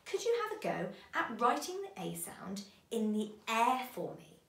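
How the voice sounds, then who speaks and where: A woman teaching a phonics lesson to young children, speaking in a slow, sing-song, encouraging way. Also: a little high, big pitch swings, gravelly, fairly bright tone, slight background noise. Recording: roomy echo.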